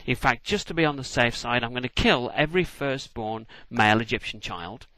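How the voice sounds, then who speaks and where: A man voicing a calm, offhand male deity who talks in a casual, matter-of-fact way. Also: medium pitch, a little fast, no echo.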